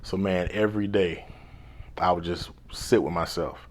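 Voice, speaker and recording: A man, a life coach, telling a personal story in a laid-back, slangy way, now and then dropping to a hushed whisper. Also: sits low, fairly even intonation, moderate pace, slight background noise. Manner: drops to a hushed whisper when replaying his inner thoughts.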